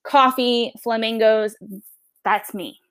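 A woman's voice: fairly high pitch, fairly even intonation, slow pace, fairly bright tone, clean tone. A woman with a Long Island accent, a history teacher giving a chatty, upbeat podcast self-introduction. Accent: Long Island New York. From New York.

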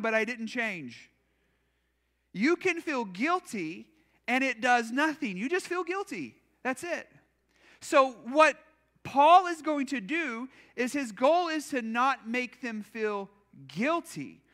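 A man's voice: very high-pitched, bright, forceful tone. A man preaching a conversational sermon as pastor in a church, casual and self-deprecating, acting out imagined quotes.

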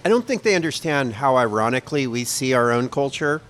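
Man, middle-aged, podcast co-host, casual rambling storyteller, medium pitch. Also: lively intonation, fairly quick, a bit bright. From United States. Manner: rambling, self-mocking storyteller with laughs. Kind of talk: casual chat, telling a story. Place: pub.

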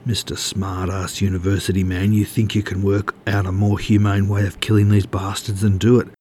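A brutish slaughterhouse worker with a hot temper, as a male narrator puts him on, snarling his orders in a deep, low voice. He bullies rather than shouts, hard and mean in a storybook reading. A faint hiss of noise sits under him. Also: little pitch movement, moderate pace, natural voice. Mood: menacing. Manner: snarling, bullying.

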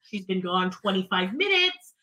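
A woman co-hosting a casual podcast, telling a story in an animated, dramatic way. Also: mid-range voice, normal speed, low-quality recording. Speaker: podcast co-host. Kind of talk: casual chat.

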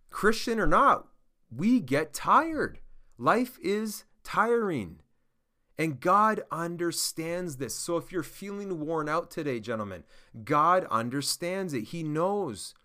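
A man preaching an earnest devotional sermon to other men. His voice is bright and forceful, sitting a little high for a man. He keeps checking in with his listeners with an encouraging "amen?".

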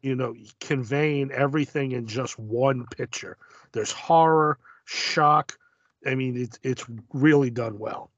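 A man's voice: medium pitch, takes it slowly, dry recording, muffled recording. A man co-hosting a casual chat about comic books, making dry, wry remarks. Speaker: podcast co-host.

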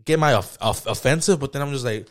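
A man's voice: medium pitch, quick pace. A young man co-hosting a casual podcast chat, slangy and profane, rambling as he tells work stories. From Mexican heritage. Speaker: podcast co-host.

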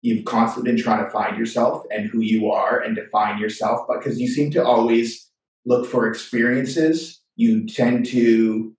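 An Australian man of middling pitch hosts a casual interview. He speaks in a loose, hesitant way full of fillers. His voice comes from well back in a very echoey room. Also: unhurried. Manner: relaxed, hesitant with many fillers. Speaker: podcast host. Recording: distant echoey room mic.

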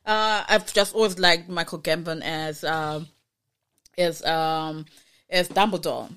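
A woman's voice: low voice, fairly even intonation, takes it slowly, a bit bright, clean tone. A woman co-hosting a casual podcast chat, speaking enthusiastically with frequent laughter and hesitant fillers. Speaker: podcast co-host.

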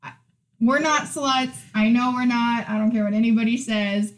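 A woman's voice: fairly high pitch, moderate pace. A woman in her twenties co-hosting a podcast, talking frankly and laughing often in casual chat. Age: 20s. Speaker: podcast co-host.

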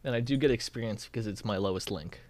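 A man's voice: fairly low pitch, fast talker, darkish tone, no echo. A man playing in a tabletop game, chatting casually with a dry, joking manner. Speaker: player.

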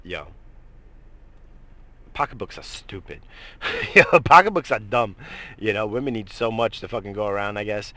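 A man's voice: fairly low pitch, normal speed, pauses often, fairly bright tone, no room sound. A man hosting a radio show, rambling casually with lots of swearing and fillers. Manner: profane, rambling, many fillers.

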